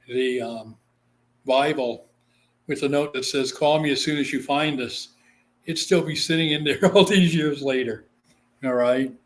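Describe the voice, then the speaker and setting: A man from Guam, a psychic medium, telling a story in a casual interview, with lots of "you know" fillers and quoted voices. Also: medium pitch. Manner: chatty, full of "you know" fillers, acts out quoted people.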